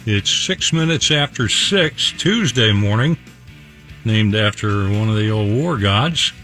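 A man's voice: on the low side, animated, takes it slowly, pushed and bright, faint music behind. A man hosting a radio morning show, reading jokes and birthdays in a jokey manner with lots of wordplay. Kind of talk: casual on-air banter and joke reading.

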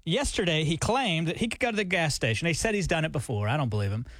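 A man's voice: fairly high pitch, lively intonation, fast talker, fairly bright tone, no room sound, studio quality. A man co-hosting a morning radio show, joking and teasing his partner in casual banter. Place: radio studio. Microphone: studio microphone.

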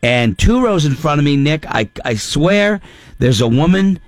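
A man's voice: fairly high pitch, animated, measured pace, dry recording. A man hosting a radio show in casual chat, eager and full of fillers and restarts. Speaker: radio host.

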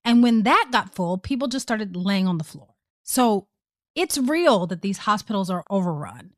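A woman's voice: mid-range voice, animated, moderate pace, no room sound, studio quality. A woman co-hosting a podcast, telling a personal story in an earnest, emphatic way. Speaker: podcast co-host. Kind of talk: casual podcast chat.

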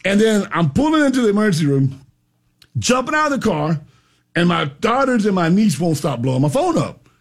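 This man has a husky, high-set voice that swings widely in pitch. He hosts a talk show and tells stories loudly, with lots of excitable energy. His delivery is casual and animated. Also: a little fast. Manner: loud, excitable. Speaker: radio show host. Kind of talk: casual chat, animated storytelling.

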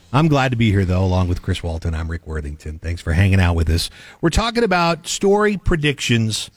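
A man's voice: on the low side, normal speed, dry recording, soft background music. A man co-hosting a local talk radio show, chatting casually and running through sports predictions. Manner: upbeat, animated sports talk.

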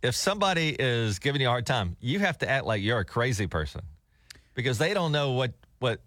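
A middle-aged man hosting a radio show, telling stories in an animated, casual way and laughing often. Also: mid-range voice, fairly quick, no room sound, clean studio sound. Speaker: radio host. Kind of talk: casual on-air chat. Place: radio studio.

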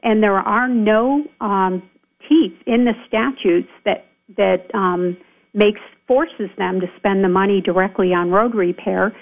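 A woman calling in to a talk radio show as a county supervisor, arguing her point with emphatic indignation and plenty of "uh"s and "you know"s. Her voice comes through a narrow, tinny telephone line at a middling pitch. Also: takes it slowly, creaky. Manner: emphatic, indignant, many fillers. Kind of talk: radio call-in interview. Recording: phone line.

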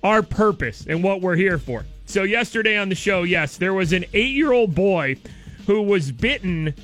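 A man hosting a morning radio show in casual banter, excitable and prone to loud shouted play-by-play. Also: high voice, normal speed, faint music behind.

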